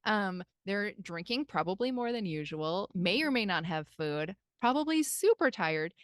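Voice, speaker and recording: A woman's voice: mid-range voice, a little slow, no room sound, studio quality. A woman with a Midwestern accent hosting a podcast, chatting casually as a life coach and acting out quoted lines. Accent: American Midwestern. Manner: chatty, animated, acts out quotes.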